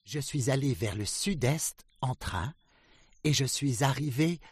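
A man voicing Drake, an excited male duck explorer, in a storybook reading, telling his friends eagerly about his travels. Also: mid-range voice, a little slow, breathy edge, no room sound, pitched above the performer's own voice.

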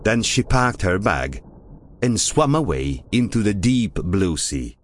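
A man narrating a children's picture book audiobook in a slow, playful way. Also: a little hiss or hum. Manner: slow, very lively pitch, playful.

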